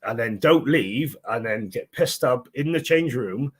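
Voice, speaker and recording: A man's voice: medium pitch, animated, a little slow, breathy edge. A man with a Welsh accent, a bare-knuckle fighter telling stories in casual podcast chat, swearing often and laughing as he goes.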